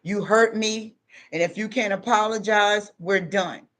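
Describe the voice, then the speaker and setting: A woman's voice: mid-range voice, fairly even intonation, unhurried, a bit bright. Middle-aged woman vlogger, preachy and emphatic, repeats every point. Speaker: advice vlogger. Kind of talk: casual advice monologue.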